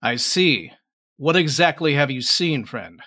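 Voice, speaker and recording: A man voicing a tall, gruff, bearded male hunter who is friendly but wary. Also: fairly high pitch, animated, measured pace, bright, forceful tone, heavily acted. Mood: probing.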